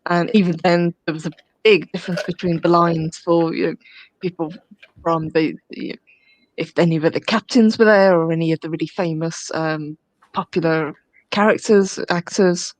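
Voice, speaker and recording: Low-voiced woman asking questions. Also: steady tone, normal speed, no room sound, low-quality recording. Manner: curious, asks questions. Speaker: guest. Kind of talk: casual chat.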